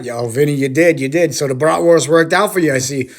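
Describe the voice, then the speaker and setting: A man's voice: on the high side, a little fast, few pauses. A man hosting a comedic sports radio call-in sketch. He plays the patient straight man to the caller. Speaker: sports show host.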